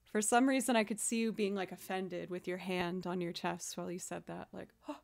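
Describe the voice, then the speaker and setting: Here the same kind of speaker, a young woman streamer and musician from outside Boston, Massachusetts, has a lowish voice with vocal fry, fairly even intonation and a fairly quick delivery. She's chatty and self-mocking as she discusses music and her loops and reads viewers' chat messages aloud.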